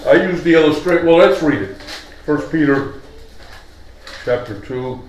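A male preacher giving a conversational sermon, slow and deliberate, with a voice that rises and falls a lot. He is recorded from a distance in an echoey hall, so his words ring around the room. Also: fairly high pitch, lively intonation, a little mellow, slight background noise. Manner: conversational, asks the congregation questions.

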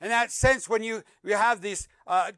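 A man with a high, smooth and resonant voice preaches a sermon with great dynamics. He swings from loud, emphatic repeated phrases down to soft, low asides. The recording is dry and close. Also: steady tone, moderate pace, no room sound. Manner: reads scripture aloud, repeats words for emphasis. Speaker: pastor.

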